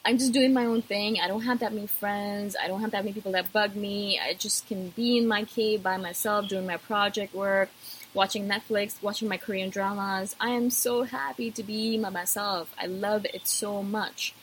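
A woman's voice: mid-range voice, fairly even intonation, moderate pace, rough recording. Woman vlogger chatting to camera, keeps repeating stuff for emphasis, a bit of background hum. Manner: emphatic and repetitive, addressing viewers directly. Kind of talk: casual talk to camera.

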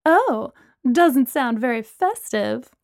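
A woman's voice: high voice, lively intonation, takes it slowly, gravelly, no room sound, clean studio sound, full character voice. A woman voicing a bossy, commanding mother speaking over a phone in a storybook reading. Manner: commanding, fussy.

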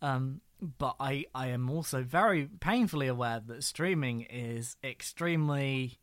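A man's voice: mid-range voice, unhurried, no echo. Man on a podcast, dry close sound, rambling and exasperated. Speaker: podcast co-host. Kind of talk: casual chat.

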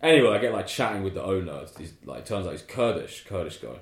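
Guy, real low voice, rambling story full of "like" and swearing, echoey room. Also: sing-song, fast. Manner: laid-back, swears a lot, heavy use of "like". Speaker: podcast guest telling a travel story. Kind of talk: casual storytelling chat.

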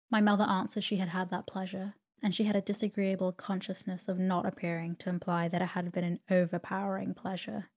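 Calm female sleep-story narrator with a lowish, level, unhurried read.

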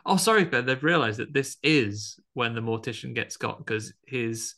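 A man chats through a horror film's plot as a podcast co-host, his voice gravelly with fry at the ends of phrases. His tone is bright and forward, and he slips into quick put-on voices for the characters. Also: medium pitch. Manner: chatty, acts out quoted lines with bursts of voices. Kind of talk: casual chat recapping a film.

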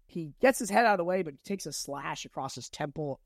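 A man co-hosting a podcast, casually recapping a novel's plot and reading quoted lines aloud with lively emphasis. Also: on the high side, fast, no echo, studio quality. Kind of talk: casual book-recap chat.

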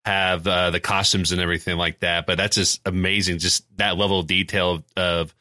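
A man's voice: deep voice, level tone, pushed and bright, no echo, studio quality. A man co-hosting an interview, reacting with enthusiasm. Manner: enthusiastic, quick to laugh. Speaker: podcast co-host. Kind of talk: conversational interview.

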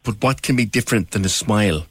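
A middle-aged man, chatting on radio as host in a lively, incredulous way. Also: lowish voice, fast, husky, dry recording, studio quality. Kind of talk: radio chat.

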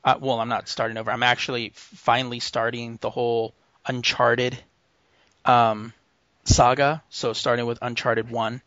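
A man's voice: medium pitch, flat delivery, normal speed, fairly bright tone, no room sound. A man co-hosting a podcast, rambling. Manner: rambling, easygoing, laughs often. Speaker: podcast co-host. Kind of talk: casual chat. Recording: dull lo-fi podcast audio.

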